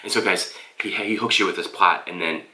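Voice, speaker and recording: On camera, a man reviews a book loosely and ramblingly, frequently calling his viewers "guys." His voice sits low with a steady, brisk, bright and forceful tone, picked up by a camera mic in an echoey room.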